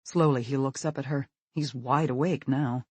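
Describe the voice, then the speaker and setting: Male audiobook narrator, expressive and husky, dry close recording. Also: mid-range voice, normal speed, dry recording.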